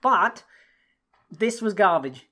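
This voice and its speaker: A woman's voice: lively intonation, slow pace, pushed and bright. A woman from the UK co-hosting a wrestling podcast, ranting in casual chat with lots of swearing and exasperation. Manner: sweary, exasperated, swinging pitch. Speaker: podcast co-host.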